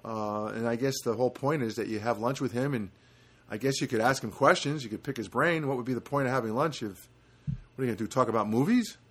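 A man's voice: mid-range voice, fast, husky. A middle-aged man hosting a solo podcast, rambling and self-deprecating, with many fillers and restarts. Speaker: podcast host.

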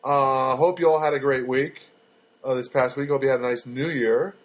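A man's voice: mid-range voice, steady tone, normal speed. A man hosting a casual solo podcast from his apartment, talking in a loose, rambling way with many fillers and restarts. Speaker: podcast host. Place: studio apartment.

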